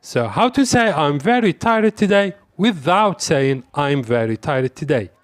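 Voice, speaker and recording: Male English tutor running a quiz lesson: unhurried, repeats examples, fairly high-pitched. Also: expressive, no echo, studio quality. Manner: slow, deliberate, repeats example phrases. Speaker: English teacher. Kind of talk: quiz-style language lesson.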